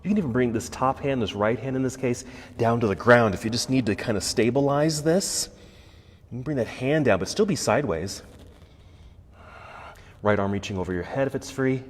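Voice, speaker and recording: A man teaching a yoga class with calm, encouraging step-by-step cues. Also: medium pitch, brisk. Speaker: yoga instructor. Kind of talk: guided yoga class instruction. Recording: echoey room with faint background noise.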